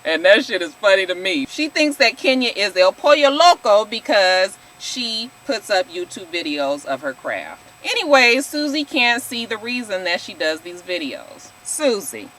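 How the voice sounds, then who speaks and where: Sassy, animated woman in her forties. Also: mid-range voice, normal speed, hardly any pauses. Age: 40s. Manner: sassy, blunt, swears freely, addresses viewers as y'all. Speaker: reality TV recap vlogger. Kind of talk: casual profane show recap.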